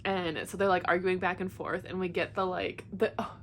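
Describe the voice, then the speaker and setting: Vlogging about rereading a favorite book series, a young woman gushes excitedly, packs her talk with "like," and reads passages aloud. Her voice is lowish at a normal pace, with a little hiss or hum in the recording.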